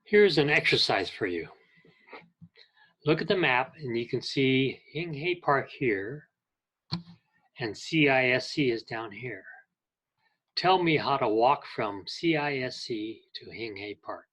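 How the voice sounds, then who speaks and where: An ESL teacher with a medium-pitched, expressive voice that is fairly bright and slightly rough reads example phrases aloud to his English class. His slow instruction on directions and clarification is patient and deliberate. The recording is rough.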